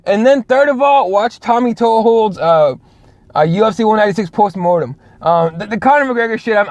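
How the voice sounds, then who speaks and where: A man's voice: fairly high pitch, darkish tone, dry recording. A man hosting a casual talk show, ranting bluntly and profanely, rambling with lots of restarts. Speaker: podcast host. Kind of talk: casual rant.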